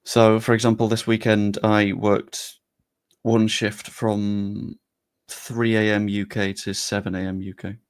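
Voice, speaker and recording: A man's voice: fairly low pitch, flat delivery, unhurried, clear, resonant tone. A young man chatting casually and loosely on a live stream, talking straight to his chat with the odd swear.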